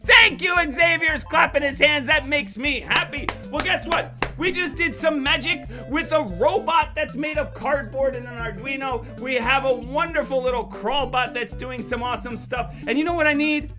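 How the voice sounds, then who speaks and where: A woman's voice: sits high, moderate pace, few pauses, over music. A woman presenting a playful online show for children, coaxing them to join in and talking straight to them. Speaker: kids' show presenter and magician. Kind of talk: lively online kids' workshop.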